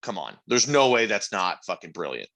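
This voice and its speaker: A man's voice: on the low side, very animated, normal speed, creaky, a bit bright. A man co-hosting a podcast, arguing his points emphatically in casual chat with plenty of swearing. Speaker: podcast co-host.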